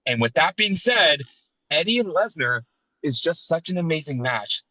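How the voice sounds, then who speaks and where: A man in his thirties co-hosting a casual wrestling podcast, telling animated, sentimental stories. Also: on the high side, moderate pace, dry recording, poor audio. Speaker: podcast co-host.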